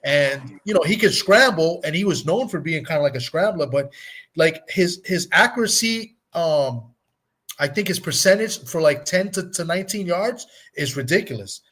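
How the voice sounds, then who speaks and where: Slightly high-voiced rambling man. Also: expressive, moderate pace, fairly bright tone, slightly rough. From Puerto Rico. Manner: rambling, thinking aloud with many fillers. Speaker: guest fan analyst. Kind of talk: casual sports talk.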